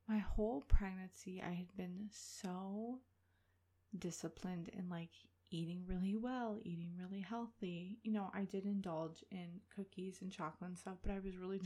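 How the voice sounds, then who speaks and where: A woman in her thirties, a podcast host chatting through a personal story in an animated way, full of filler words. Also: medium pitch.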